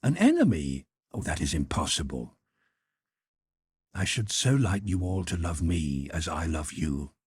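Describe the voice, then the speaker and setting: A man voicing an emotional young noblewoman, breathy and pleading, in an audiobook. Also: low voice, measured pace, no room sound, exaggerated voice. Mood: excited. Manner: lifted, pleading, excitable delivery. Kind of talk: audiobook character voice.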